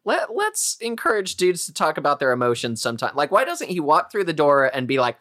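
Man, lively pitch, wry joking asides, casual podcast co-host. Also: brisk. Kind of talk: casual chat.

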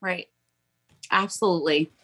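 Blunt, profane woman with a husky voice. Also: on the low side, steady tone, measured pace, a bit bright, rough recording. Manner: blunt, profane, laughing storyteller. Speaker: podcast guest, fellow podcast host. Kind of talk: candid casual interview talk.

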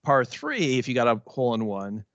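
A man's voice: mid-range voice, very animated, brisk, fairly bright tone, no echo, dull audio. A man co-hosting a podcast, telling a long story in casual chat with many false starts and restarts. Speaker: podcast co-host.

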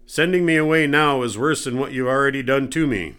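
A man voicing a desperate young woman, a king's daughter, reading her pleas louder and more urgently than his narration. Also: mid-range voice, fairly quick, clean tone, close to an everyday voice.

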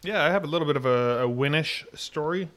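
This podcast co-host tells stories in relaxed casual chat, easygoing and full of fillers. He talks fast in a voice that sits a little high.

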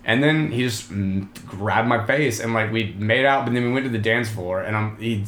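A man's voice: lowish voice, normal speed, fairly bright tone, roomy sound. A young man telling a long story in casual chat, rambling with lots of filler and laughing often. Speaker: podcast host telling a story.

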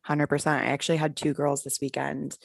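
Low, gravelly young woman podcaster. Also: little pitch movement, a little fast, no echo, studio quality. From California. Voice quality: croaky. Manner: bubbly, laughs often, chatty storyteller. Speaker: podcast co-host. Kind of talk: casual chat. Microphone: corded headphone mic.

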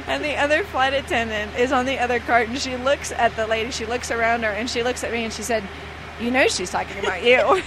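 A woman's voice: a little high, fairly quick, noisy background. A woman who works as a flight attendant, telling stories in a casual, chatty way with many fillers and restarts. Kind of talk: casual storytelling.

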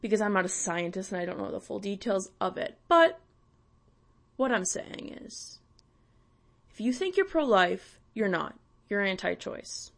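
A woman's voice: mid-range voice, expressive, normal speed, gravelly. A young woman from Canada, hosting and ranting bluntly with swearing and sarcasm. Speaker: podcast host. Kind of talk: ranting monologue.

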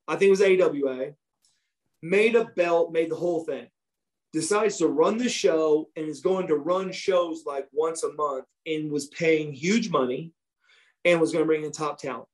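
A man's voice: on the high side, darkish tone. A man, a former wrestler, telling stories from his career in a casual chat, swearing freely and acting out what others said.

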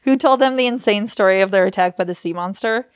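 A woman's voice: mid-range voice, quick pace, smooth, no room sound. Woman, crude joking podcast storyteller, dry recording. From United States. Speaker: podcast co-host telling a history story. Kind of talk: casual podcast chat.

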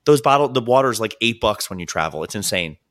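A man hosting a podcast, telling a story about a bet in a wry, deadpan way. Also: lowish voice, fast talker. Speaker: podcast host. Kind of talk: casual storytelling chat.

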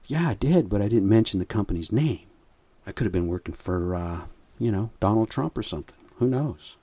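A man's voice: fairly low pitch, expressive, brisk, warm tone, no room sound. A man hosting a podcast, telling a rambling, profane story in a casual monologue with frequent chuckles. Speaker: podcast host.

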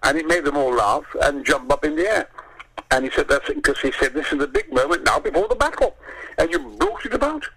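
An older man, gravelly and bright in tone. He tells show-business anecdotes with huge swings in pitch and swears freely. He acts out each character along the way. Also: very animated, fairly quick, poor audio. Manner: theatrical storyteller, swears often, acts out voices. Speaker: interview guest. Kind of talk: animated anecdote telling.

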